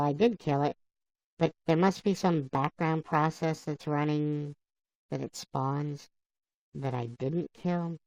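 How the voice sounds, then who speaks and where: Low husky-gravelly woman rambling thru a livestream, slow and halting, kinda muffled lo-fi mic. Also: darkish tone, no room sound. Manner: rambling, halting, answers viewer comments by name. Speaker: livestream host. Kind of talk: casual live-stream chat with viewers. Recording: dull lo-fi dry sound.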